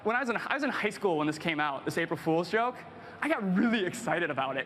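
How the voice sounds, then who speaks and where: Casting: high, bright-toned man, excited game designer on a convention stage. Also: fast, a little hiss or hum. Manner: excited, animated storytelling. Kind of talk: convention panel presentation. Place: large convention hall stage.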